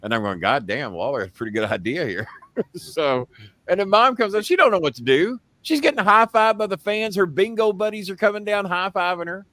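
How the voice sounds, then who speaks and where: A man hosting a live show, telling a story in a casual, profane way and getting loud when he quotes himself. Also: sits high, a little fast, no echo. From United States. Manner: profane, animated, shouts when quoting himself. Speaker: host.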